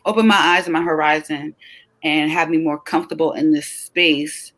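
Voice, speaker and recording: A woman co-hosting a web talk show, chatting in an upbeat, excitable way with lots of fillers, and a bit tired. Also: low-pitched, normal speed, rough recording. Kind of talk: casual chat.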